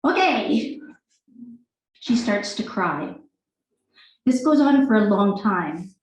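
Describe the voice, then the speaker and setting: A woman's voice: mid-range voice, animated, slow pace. A woman introducing and reading her work at a book launch, chatty and self-deprecating, with stage directions read plainly. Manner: chatty, self-deprecating, laughing between lines. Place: bookstore event room indoors. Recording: echoey room.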